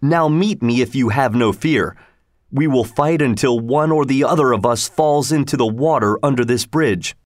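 A man's voice: mid-range voice, normal speed, no room sound, clean studio sound, lightly acted. Robin, a man voicing a bold, hearty outlaw chief. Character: cheerful bold male outlaw leader.

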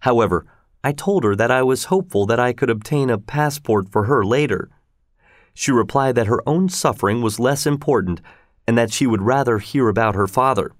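A man reading a storybook aloud in a steady, measured first-person narration. His voice sits at a middle pitch, and the recording is dry and close. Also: no echo.

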